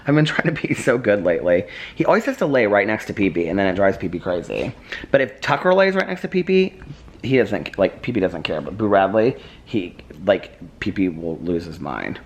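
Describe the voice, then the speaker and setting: A man's voice: deep voice, very animated, brisk, dull audio. A man chatting casually in a daily vlog at home, giggling often and cooing at his dogs. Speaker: vlogger.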